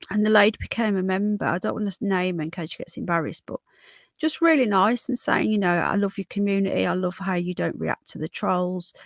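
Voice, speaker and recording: A woman in her early forties, hoarse from illness, chats casually with her livestream viewers in a gravelly, fry-filled, medium-pitched voice. She sounds dry and close with no echo or room around her, and she keeps calling people love and darling.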